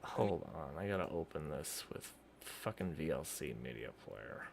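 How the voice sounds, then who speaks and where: A man's voice: a bass voice, expressive, normal speed, vocal fry, slight background noise. A man streamer giving casual, profane commentary on a video, rambling with frequent restarts and asides.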